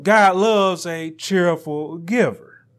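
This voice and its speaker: A man preaching a sermon as pastor, building to emphatic peaks and dropping to quiet asides. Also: high-pitched, slow.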